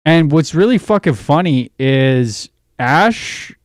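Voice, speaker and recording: A man's voice: on the high side, expressive, slow, no echo, clean studio sound. A young man hosting a livestream, ranting in a profane, rambling way while distracted by his phone and screen. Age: young adult. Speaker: livestream host. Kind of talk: casual livestream rant.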